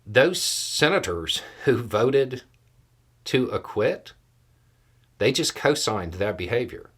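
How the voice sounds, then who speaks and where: A man giving political commentary in a measured, deliberate way, laying out scenarios step by step. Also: mid-range voice, big pitch swings, fairly bright tone, slightly rough.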